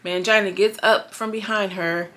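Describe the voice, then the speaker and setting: Bright-voiced woman giving blunt recap commentary. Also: mid-range voice, steady tone, normal speed. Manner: blunt, profane, exasperated. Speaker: reality show recap vlogger. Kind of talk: casual commentary.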